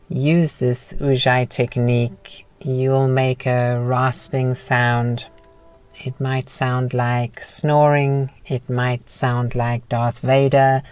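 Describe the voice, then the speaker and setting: A woman teaching a guided breathing lesson in a calm, encouraging, instructive manner. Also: a bass voice, smooth.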